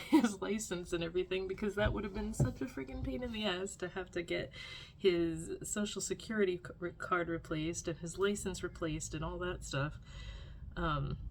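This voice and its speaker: A woman's voice: fairly low pitch, slight background noise. A young adult woman vlogging at home, rambling and complaining in a casual diary style with lots of filler words.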